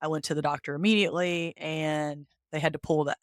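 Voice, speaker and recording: A woman hosting a podcast, candidly retelling her own story in a casual, animated way and acting out the quoted dialogue. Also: deep voice, brisk, no echo, clean studio sound. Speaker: podcast host. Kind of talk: personal storytelling.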